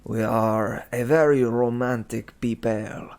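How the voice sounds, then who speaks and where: A man voicing a pompous male demigod with a put-on, bad French accent, speaking slowly and smugly. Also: mid-range voice, fairly even intonation, darkish tone. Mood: smug flirting. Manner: slow, smug, drawn-out delivery.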